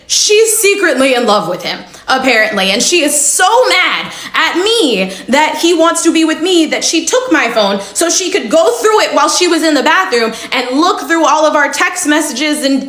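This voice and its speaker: A young woman in her twenties telling a personal story in a chatty, animated way. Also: high-pitched. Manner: chatty, animated retelling with laughs. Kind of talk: casual storytime. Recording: echoey room.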